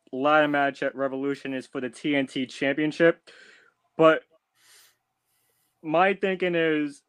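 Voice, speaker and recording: A man's voice: on the high side, a bit bright, smooth, no room sound. A man chatting as a guest on a podcast, hesitant with many restarts and fillers, speaking bluntly and earnestly. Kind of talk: casual chat.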